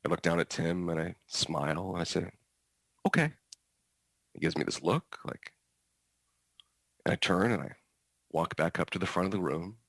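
Male teacher, very low voice, understated storyteller, dry recording. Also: normal speed, gravelly, pauses often, no echo, poor audio. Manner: dry, understated delivery with fillers. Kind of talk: storytelling performance.

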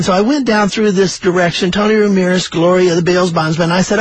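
An older man, a storyteller and author, telling a story in a folksy, animated way and acting out the dialogue. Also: high-pitched, fairly quick, few pauses, slightly rough, dry recording, poor audio. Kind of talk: oral storytelling.

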